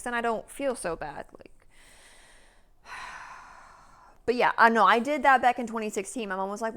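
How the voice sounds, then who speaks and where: A woman in her early thirties rambles through a casual vlog, talking in a loose, chatty way. She leans on filler words and sighs, and her voice sometimes falls to a soft near-whisper. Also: medium pitch. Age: 30s. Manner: chatty, meandering, many "like"s and sighs. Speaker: vlogger.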